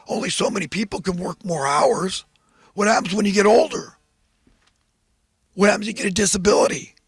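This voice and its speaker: Raspy, high-voiced man preaching fervently. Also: fairly quick, no echo. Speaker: host. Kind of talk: impassioned political monologue.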